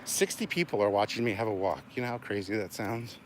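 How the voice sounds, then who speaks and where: Male host, very low voice, winded from walking, chatty live-stream banter outdoors, faint background noise. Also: animated, fast talker. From Canada. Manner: chatty, self-deprecating, answers viewer questions. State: out of breath. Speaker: channel host. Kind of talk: casual live-stream chat while walking. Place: outdoors at night, on a walk.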